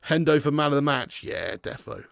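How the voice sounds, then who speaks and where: A man hosts a live football watch-along from his home garage, which doubles as a storage room, chatting casually, swearing freely, and reading the chat between bits of match commentary. His voice is a little high, animated, gravelly and fairly bright, at a moderate pace. The recording is dry and studio quality.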